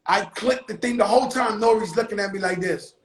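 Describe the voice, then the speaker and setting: A man hosting his own live stream, telling a story in a casual, animated and profane way, with sudden shouted bursts. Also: sits high, a little fast, roomy sound, slight background noise, low-quality recording. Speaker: livestream host telling a story. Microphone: phone on a live stream.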